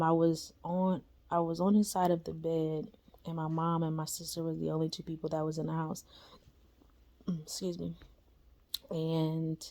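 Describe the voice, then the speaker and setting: A young woman with a low voice and a gravelly, fry-edged texture tells her own story in a loose, conversational way. She leans on slang, fillers and quick tag questions, and the delivery stays unpolished. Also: warm tone. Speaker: storyteller sharing a spiritual experience. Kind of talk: casual personal storytelling.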